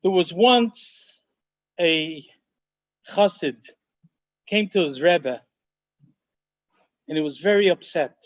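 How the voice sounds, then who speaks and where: A rabbi leads a Torah study class with animated emphasis, often slowing down to stress key phrases. He sprinkles in many Hebrew and Yiddish terms, and his voice is a little high.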